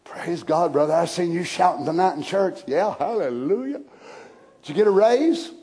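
A man preaching a sermon in a folksy, animated way, breaking into shouted passages. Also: fairly high pitch, brisk, gravelly. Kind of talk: Pentecostal-style sermon.

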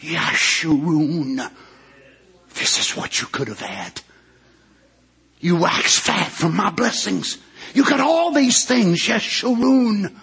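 A man preaching a sermon as pastor, who swings between shouted climaxes and low hushed asides and draws out emphatic words. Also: very animated, slow, vocal fry, slightly rough.

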